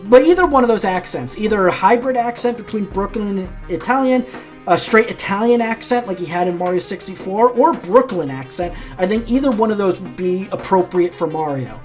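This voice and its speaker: A woman's voice: mid-range voice, animated, fairly quick, darkish tone, soft background music. A woman hosting a casual commentary video, giving her opinions in a chatty, opinionated way and often restarting her sentences.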